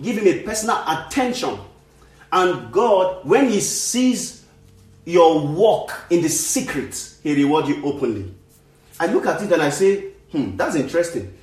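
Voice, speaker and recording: Earnest preacher man in an echoey room. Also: on the high side. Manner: earnest, repetitive, restarts phrases for emphasis. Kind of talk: sermon.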